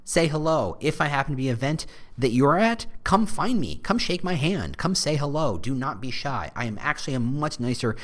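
A man hosting a solo podcast, talking straight to his listeners in a casual, animated way with jokey asides. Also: mid-range voice, brisk. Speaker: podcast host.

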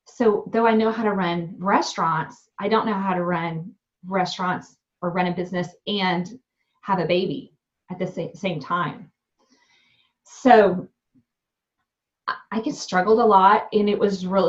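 A young woman, a restaurant owner and new mom, telling her story in an interview in a candid, animated way with many fillers. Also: mid-range voice. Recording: dull lo-fi sound.

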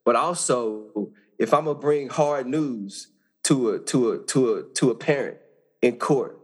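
A man's voice: medium pitch, unhurried, slightly rough. A man who is a judge, talking earnestly as a podcast guest and often repeating words as he builds his point.

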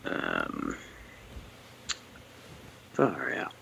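A man with an Australian accent, a guest runner telling race stories in a relaxed way with fillers. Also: a bass voice, drawn-out words, vocal fry, heavy background noise. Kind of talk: casual phone chat.

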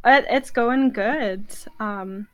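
A woman's voice: on the high side, drawn-out words, no room sound, highs cut off. Giggly Canadian woman, dry close sound. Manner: giggly, self-deprecating, chatty. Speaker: podcast guest, co-host of her own show. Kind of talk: casual interview chat.

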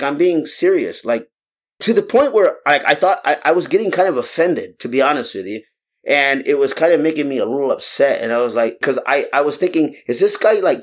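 A man co-hosts a casual podcast chat. He tells a rambling, animated story, full of likes and uhs and restarts. His voice sits at a middle pitch. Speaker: podcast co-host.

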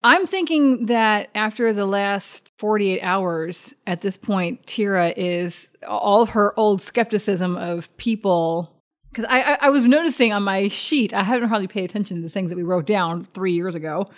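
A woman's voice: medium pitch, normal speed. Female player, mid-range voice, talks things through casually. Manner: thinking aloud, chatty. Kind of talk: casual chat at a game table.

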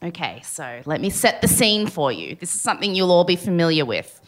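A Sydney woman with an Australian accent co-hosts a live podcast show, telling stories in a chatty, jokey way full of quick asides. Her voice is lowish and very animated.

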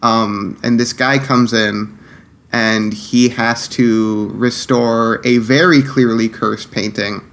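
A man co-hosting a casual podcast talk about films in a relaxed, chatty way. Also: mid-range voice, takes it slowly, slight background noise. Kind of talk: casual film discussion.

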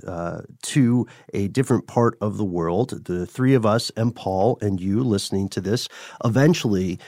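A man hosting a podcast, explaining things in a measured, casual way and laughing often. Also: fairly low pitch, a little mellow, no room sound, clean studio sound. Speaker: podcast host.

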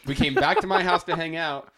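A young man co-hosting a casual beer-tasting chat, telling stories loosely and laughing, jumping into loud voices when he quotes himself. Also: a little high, wildly swooping pitch, fairly quick, vocal fry. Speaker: podcast co-host.

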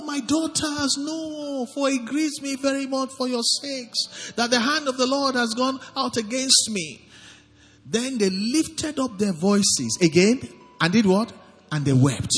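High-pitched man preaching a lively sermon. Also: big-room sound. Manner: preaching with call-and-response, reads scripture aloud. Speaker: pastor.

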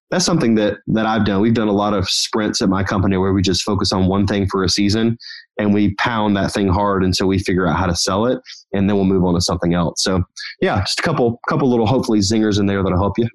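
A man, a podcast guest who runs a company, telling stories and giving earnest motivational advice in an energetic, run-on way. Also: lowish voice, low-quality recording. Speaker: podcast guest, business owner. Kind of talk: motivational storytelling chat.

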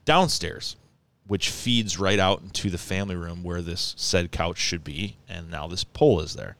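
A man with a lowish, smooth, resonant voice tells a story in casual conversation. He rambles and restarts, grows animated as the story builds, and laughs along the way. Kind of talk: casual chat, telling a story.

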